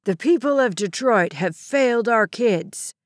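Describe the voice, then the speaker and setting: A woman's voice: fairly high pitch, lively intonation, a little slow, dry recording, studio quality. Woman voicing a sneering male hijacker. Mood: commanding. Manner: commanding, sneering. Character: angry male hijacker with a gun. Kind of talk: audiobook character reading.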